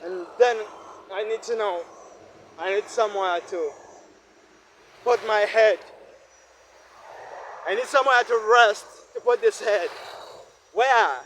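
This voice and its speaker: High-voiced Ugandan man musing on a street. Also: slow pace, pauses often, a bit bright. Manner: musing, repetitive, asks himself questions aloud. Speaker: vlogger. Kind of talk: reflective walking vlog monologue. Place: rainy city street outdoors. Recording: faint street and traffic noise.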